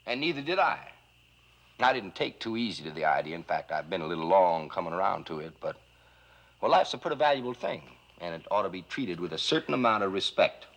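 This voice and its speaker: A gruff old Southern patriarch who drawls and mumbles his words, in a 1950s film. His voice sits a little low but swings widely in pitch as he muses. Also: very animated, brisk, fairly bright tone, exaggerated voice. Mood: reflective. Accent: American Southern.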